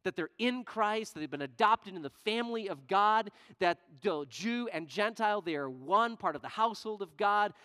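A male pastor preaching a sermon in church, shifting from loud, emphatic questions to quiet, low asides. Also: expressive, moderate pace, few pauses, clear, resonant tone. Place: church sanctuary.

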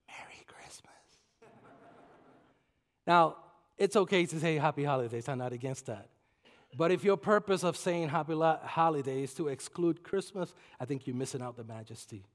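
A man from preaching a sermon in a church, telling a story that swings from soft asides to shouted climaxes. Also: a little high. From Puerto Rico. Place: church sanctuary. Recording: long hall reverb.

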